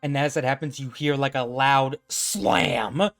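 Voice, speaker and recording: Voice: mid-range voice, measured pace, faint music behind. A laid-back game master narrating. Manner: relaxed and chatty, laughs often.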